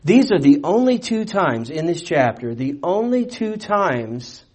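A man preaching a sermon, animated and conversational, with rhetorical questions and playful asides. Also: on the high side, unhurried, breathy edge. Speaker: pastor.

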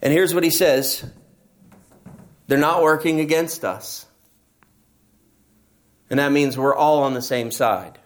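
Emphatic middle-aged pastor preaching. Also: male voice, on the high side, slow pace, pauses often. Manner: storytelling, emphatic with rising passages. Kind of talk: sermon.

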